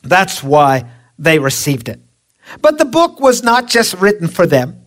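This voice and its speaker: A woman preaching a sermon, slow and emphatic, drawing out her phrases. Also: on the low side, sing-song.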